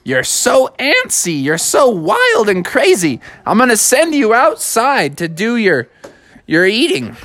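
A man plays a storybook frog mother in a squeaky falsetto, far above his own voice. She sounds worn out by her son. The sound is close and dry. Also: huge pitch swings, takes it slowly, a bit bright, no echo, exaggerated voice. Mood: teasing. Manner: very high falsetto, shrill. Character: laid-back mother frog, exasperated.

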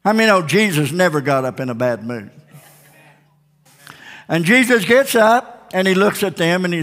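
A man preaching with fervor, his voice pitched very high and ringing bright. He swings between booming declarations and hushed asides, heard in a long reverberant church hall. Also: animated, moderate pace, long pauses. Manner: impassioned preaching with swings between loud and quiet delivery. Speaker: pastor. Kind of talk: sermon.

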